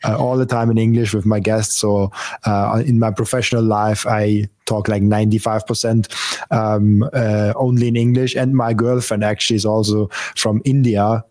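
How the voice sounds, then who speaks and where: A man's voice: lowish voice, level tone, normal speed, a little mellow. A man from Austria with an Austrian accent, a native German speaker talking in English as a podcast guest, hesitant with many fillers and restarts. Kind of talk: casual interview chat.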